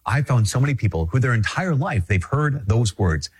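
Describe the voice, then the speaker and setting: A man's voice: medium pitch, very animated, moderate pace, breathy edge. A man from Minnesota, a Catholic priest, giving an earnest, conversational spiritual talk and repeating phrases for emphasis.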